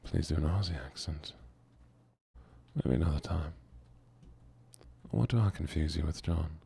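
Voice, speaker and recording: A male streamer speaking in a put-on Southern accent, with a gravelly, chest-rumbling voice, talking slowly and softly to chat in an ASMR gaming stream. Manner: slow, murmured, talks to chat while playing.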